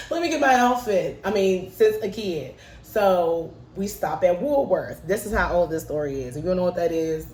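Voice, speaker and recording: Brief: woman around forty, animated storyteller, roomy room sound with the mic set back. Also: lowish voice, recorded from a distance. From Chicago, South Side. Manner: playful, lively, acts out voices and laughs often. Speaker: show creator telling a childhood story. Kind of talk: personal storytelling to camera.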